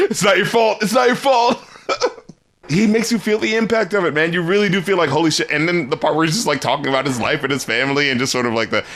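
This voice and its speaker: A man's voice: a little high, fairly even intonation, fast talker, a bit bright. A man co-hosting a podcast, chatting casually about an album, laughing often and acting out lyrics in goofy voices. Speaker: podcast co-host. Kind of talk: casual music review chat.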